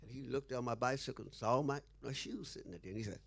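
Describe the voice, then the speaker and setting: A man's voice: mid-range voice, fast talker, gravelly, fairly bright tone. A man being interviewed who tells a story with animation, acting out the dialogue and laughing often. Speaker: interview guest.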